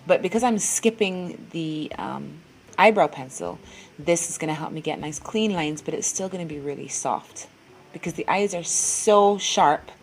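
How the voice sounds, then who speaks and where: A woman's voice: low-pitched, a little hiss or hum, rough recording. A woman narrating her makeup tutorial in a casual, chatty voice-over, gushing over products and correcting herself as she goes.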